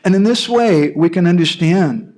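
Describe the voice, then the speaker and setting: An American man telling a devotional story in a lively way, often checking in with his listeners. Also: high-pitched, moderate pace. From United States. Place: devotee's home.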